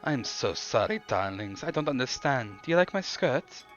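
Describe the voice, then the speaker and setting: A man's voice: mid-range voice, big pitch swings, slow pace, fairly bright tone, lo-fi sound, soft background music, pitched above the performer's own voice, exaggerated voice. A man voicing an older androgynous rocker with a German accent, serene and mockingly polite.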